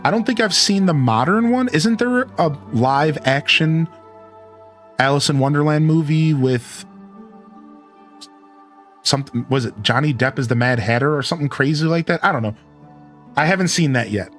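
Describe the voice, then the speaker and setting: A man's voice: on the high side, normal speed, long pauses, faint music behind. A man in his thirties from Ohio with an Ohio accent, chatting casually with viewers as a live streamer, rambling and correcting himself. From Ohio, USA. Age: 30s. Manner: rambling, self-correcting, animated.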